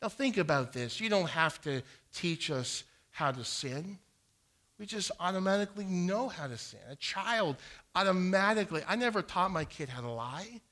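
Speaking at normal speed with lively intonation, a middle-aged man's high, pushed, bright voice carries an earnest lesson on evangelism. He recites King James verses and tends to repeat words as he begins sentences.

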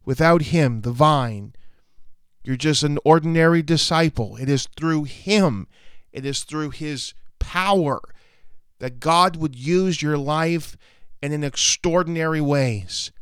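Slow, earnest male preacher. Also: a little high, a bit bright, smooth, dry recording, studio quality. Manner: earnest, measured, appealing. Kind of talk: sermon. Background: faint music.

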